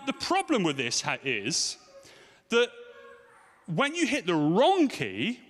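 Animated preacher in a reverberant hall. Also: male voice, high-pitched. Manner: animated storytelling with rhetorical questions to the congregation. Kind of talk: sermon. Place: church hall.

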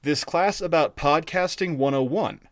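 A man's voice: a little high, normal speed, no echo, studio quality. Chatty man telling a story on a podcast. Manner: animated storyteller, acts out quotes. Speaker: podcast co-host. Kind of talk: casual podcast chat, storytelling.

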